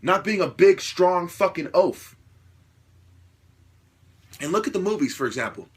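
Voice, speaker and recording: A man delivering an opinionated monologue, lecturing with repeated rhetorical questions and swearing, growing louder and higher as he gets worked up. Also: sing-song, a little slow, slightly rough. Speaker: self-styled martial artist ranting to camera.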